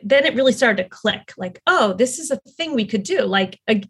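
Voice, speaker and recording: A woman's voice: on the high side, expressive, moderate pace, husky. A middle-aged woman talking as a podcast guest, telling her story in an earnest, rambling way with many fillers and restarts. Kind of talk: casual conversational storytelling.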